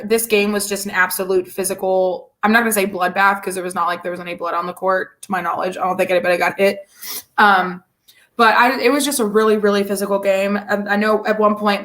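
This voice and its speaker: A woman's voice: mid-range voice, a bit bright. A woman co-hosting a casual sports podcast, chatty and rambling with lots of fillers. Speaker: podcast co-host.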